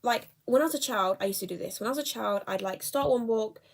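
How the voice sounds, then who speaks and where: A woman's voice: a little high, fast talker, gravelly. Chatty young woman vlogging. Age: young adult. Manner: chatty, rambling, self-correcting. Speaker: book vlogger. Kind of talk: casual chat.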